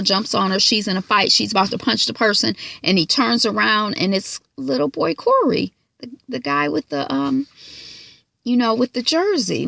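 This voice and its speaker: A woman's voice: medium pitch, creaky, fairly bright tone, no room sound. A woman recording a casual TV episode recap from inside her car, telling it in a chatty way with lots of asides. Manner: chatty, filler-heavy storytelling with asides. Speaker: TV recap vlogger.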